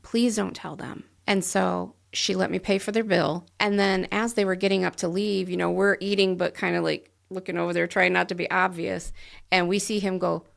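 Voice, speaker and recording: A woman co-hosting a podcast who tells stories in an animated way and acts out the quotes in a casual chat. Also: fairly low pitch, brisk, creaky. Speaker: podcast co-host.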